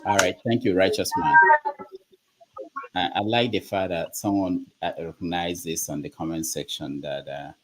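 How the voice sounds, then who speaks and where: Deep voiced guy moderating a panel, easygoing, giving out turns. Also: fairly even intonation, moderate pace, hardly any pauses, background noise.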